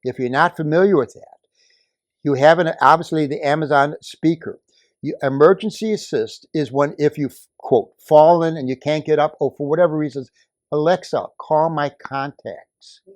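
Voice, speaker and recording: An older man speaking at a community meeting, telling a story and building to forceful, emphatic outbursts. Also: fairly high pitch, normal speed, no room sound. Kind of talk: impassioned public comment.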